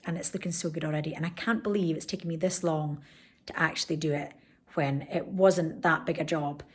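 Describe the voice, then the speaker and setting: A woman's voice: low-pitched, fairly even intonation, fairly quick, husky. A woman chatting casually in a lifestyle vlog, upbeat and encouraging about jobs at home. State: out of breath. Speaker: lifestyle vlogger.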